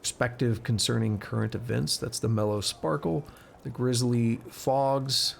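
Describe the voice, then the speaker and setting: A man's voice: mid-range voice, steady tone, unhurried, creaky, slight background noise. A man streaming a game live, chatting casually and reading in-game text aloud, stumbling over words and correcting himself.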